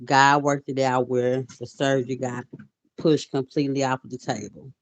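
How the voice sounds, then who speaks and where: A woman's voice: very deep voice, fairly even intonation, normal speed, dry recording. A woman in her forties hosting a casual livestream, telling a personal story, emotional at times and greeting viewers as she talks. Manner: emotional, softening to quiet. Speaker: livestream host. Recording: dull lo-fi audio.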